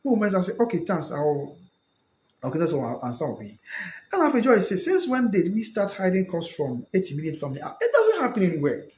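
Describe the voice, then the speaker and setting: A man's voice: high-pitched, wildly swooping pitch, a little fast, darkish tone, reverberant. A Ghanaian man hosting a live stream, reading out viewer comments and reacting, switching between English and Twi. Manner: mixes English with Twi, reacts and repeats phrases.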